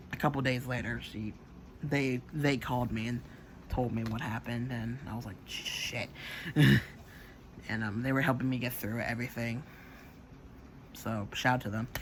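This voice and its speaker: A man's voice: mid-range voice, steady tone, moderate pace, long pauses, slight background noise. A man casually telling a personal story, rambling with fillers, swearing and acting out what others said. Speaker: channel host.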